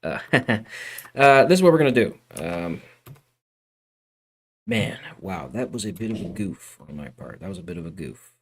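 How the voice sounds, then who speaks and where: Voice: deep voice, sing-song, normal speed, pauses often, slight background noise. Playful, self-mocking live streamer. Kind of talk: casual commentary while working in 3D software.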